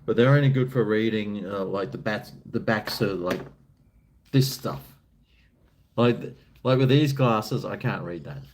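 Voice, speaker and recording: A man's voice: fairly low pitch, measured pace, a little mellow, slight background noise. An Australian man chatting casually on a live stream, answering chat in a laid-back, rambling, jokey way.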